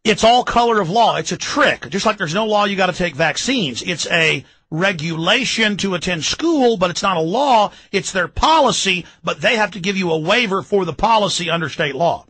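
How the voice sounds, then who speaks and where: A man in his thirties with a Texan accent, hosting a talk show and ranting about politics, loud and mocking, shouting at times. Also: high-pitched, animated, moderate pace, hardly any pauses, slightly rough, dry recording, rough recording. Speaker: radio talk show host. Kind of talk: fired-up political rant.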